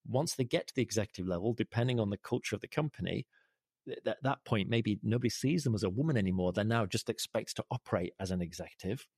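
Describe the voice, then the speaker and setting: A man with a low, gravelly voice talks through an interview, earnest and fond of rhetorical questions. The sound is close and dry, with no room around it. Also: quick pace, darkish tone, no room sound. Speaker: guest, leadership advocate. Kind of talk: conversational interview.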